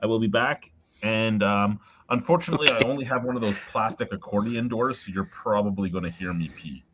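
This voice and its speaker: A podcast host with a lowish voice talks a little fast over a noisy crowd, hosting a casual beer chat on a video call. He's blunt and swears as he rants through stories, and the video call audio is dull and lo-fi.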